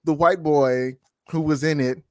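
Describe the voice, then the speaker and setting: A man's voice: on the high side, fairly even intonation, unhurried, a loud crowd. A man in a casual review chat, playful and teasing, emphatic when he makes a point. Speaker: guest reviewer.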